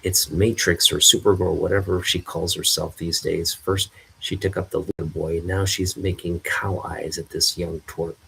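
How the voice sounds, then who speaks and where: A man's voice: sits low, flat delivery, normal speed, creaky, sharp tone, a little hiss or hum, exaggerated voice, low-quality recording. A man voicing an indignant older male farmer with folksy grumbling, reading a comic aloud. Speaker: comic reader.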